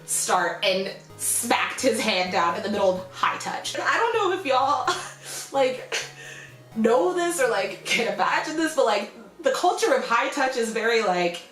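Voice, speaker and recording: A young woman vlogger telling a story casually and animatedly, acting out quotes in high squeals. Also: expressive, measured pace, a bit bright, soft background music. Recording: echoey room.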